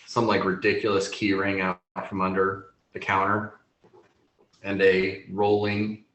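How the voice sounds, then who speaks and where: A man narrating as game master, slow and loose, with many ums and you-knows. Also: low-pitched, fairly bright tone. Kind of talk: improvised tabletop game narration. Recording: echoey room, faint noise.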